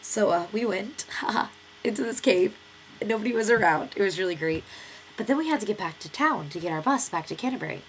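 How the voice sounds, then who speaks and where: With a little hiss or hum in the background, a stuffy-nosed American vlogger in her twenties tells a long, rambling story full of fillers. Her medium-pitched voice moves briskly, and she keeps things chatty and lively, acting out quotes as she goes.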